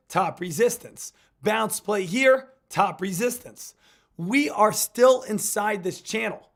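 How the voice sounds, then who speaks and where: A hoarse man, getting over an illness, giving hyped, repetitive live market commentary as a stock trading streamer. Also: sits high.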